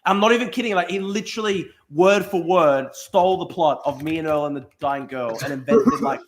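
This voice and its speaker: A young Australian man hosting a podcast, telling a story in casual chat with lots of restarts and swearing. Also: a little high. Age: young adult. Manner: rapid, animated, with frequent restarts and swearing. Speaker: podcast host.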